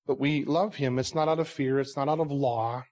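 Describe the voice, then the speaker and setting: A man's voice: medium pitch, steady tone, normal speed, darkish tone. Earnest male pastor preaching. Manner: earnest preaching full of rhetorical questions; conversational asides. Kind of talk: sermon.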